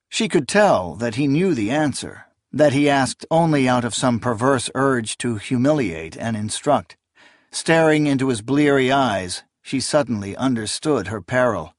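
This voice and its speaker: A man reads a story aloud with measured, dramatic pacing, his voice at an ordinary middle pitch. The recording is dry and close with no room sound, typical of audiobook narration. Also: lively intonation, no echo. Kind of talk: scripted narration.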